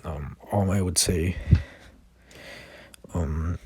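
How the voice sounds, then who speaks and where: A man's voice: sits low, steady tone, measured pace, long pauses, a little mellow, husky, no room sound. A man casually improvising a fan-made story, rambling with lots of fillers and restarts.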